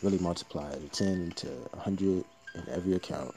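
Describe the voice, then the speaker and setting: A man's voice: sits low, fairly quick, warm tone, slight background noise. A man talking through a trading strategy in a rambling, slangy, joking monologue. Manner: loose, slangy, joking, profane.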